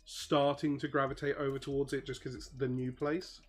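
A game master narrating a tabletop role-play in a relaxed, loose manner with lots of fillers. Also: mid-range voice, moderate pace.

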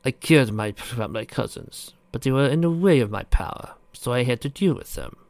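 A man voicing a smug, power-hungry prince, speaking soft and measured, a little below his own pitch. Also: animated, no room sound, natural voice.

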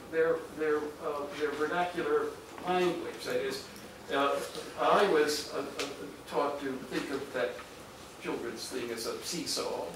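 An older man, a historian, lectures to a room of listeners, stopping and restarting his sentences with many fillers. His voice sits slightly high for a man. He is picked up from far off in an echoey hall, with clear background hiss. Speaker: historian giving a public talk. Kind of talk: public lecture with audience questions. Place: hall with an audience. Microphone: far room microphone. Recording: echoey hall, distant mic, noisy.

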